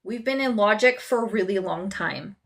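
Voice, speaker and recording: A woman's voice: mid-range voice, moderate pace, a bit bright, husky. A woman coaching viewers on a live stream, talking casually and bluntly, swearing freely and speaking straight to her audience. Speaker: somatic coach hosting a live session.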